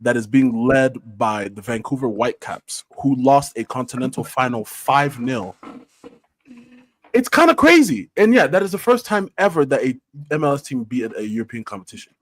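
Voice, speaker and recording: A man's voice: medium pitch, big pitch swings, moderate pace, a bit bright, no room sound. A man giving blunt, laughing opinions as a panelist in a casual football chat.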